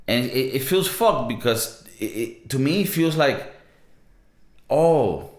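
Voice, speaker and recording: A man's voice: mid-range voice, expressive, slow pace. A man in his thirties hosting a casual solo podcast, talking in a laid-back, profane, rambling way. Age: 30s. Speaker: podcast host. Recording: roomy echo.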